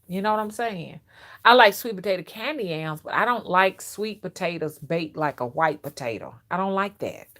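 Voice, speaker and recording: A middle-aged woman, chatting and telling childhood stories to a live chat on her phone, outspoken and animated. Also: lowish voice, moderate pace. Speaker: livestream host and rootworker. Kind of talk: casual storytelling to a live chat.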